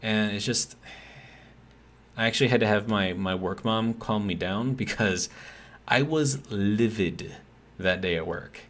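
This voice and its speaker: A man's voice: fairly low pitch, unhurried, a bit bright. A man streaming a game, telling a long, exasperated work story in a rambling, casual way with lots of fillers. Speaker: gaming streamer. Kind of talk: casual ranting chat while gaming.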